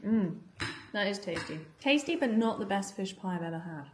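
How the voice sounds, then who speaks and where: A woman's voice: mid-range voice, lively intonation, a little fast, a little mellow. Woman, casual food vlog, chatty, lots of "like", home kitchen, echoey, faint background noise. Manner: chatty, peppered with "like", laughs often. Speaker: food vlogger.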